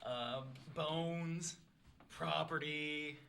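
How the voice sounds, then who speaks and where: A man's voice: on the high side, fairly even intonation, drawn-out words, creaky, sharp tone, clear, resonant tone. A teenage man co-hosting a student podcast, bantering casually in a joking way and giggling often. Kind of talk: casual chat.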